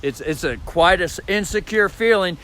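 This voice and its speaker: A man's voice: high-pitched, moderate pace, sharp tone. A man recording himself at home for a vlog, talking in a rambling, repetitive way about how to use the voice and swearing freely. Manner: profane, repetitive, demonstrates voice sounds. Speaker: vlogger. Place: indoors at home. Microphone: phone or camera mic.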